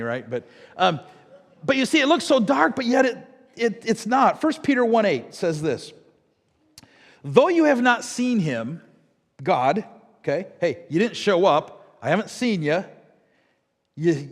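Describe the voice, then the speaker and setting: Middle-aged pastor guy telling stories in a sermon, pretty high voice, church reverb all around. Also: unhurried, pauses often. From American Midwest. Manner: animated storytelling with laughs and asides to the congregation. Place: church sanctuary.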